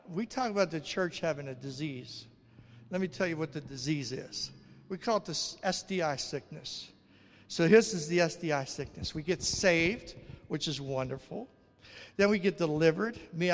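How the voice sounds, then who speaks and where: A male pastor preaching and telling stories, acting out the people in them with raised voices. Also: on the high side. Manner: animated, acts out dialogue in raised voices. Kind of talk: sermon with storytelling. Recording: long reverb of a large hall.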